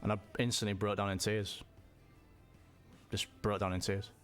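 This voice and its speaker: Halting man with faint music. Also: fairly low pitch, flat delivery, fairly bright tone. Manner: halting, repeats words and restarts often. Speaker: vlogger. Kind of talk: personal storytelling.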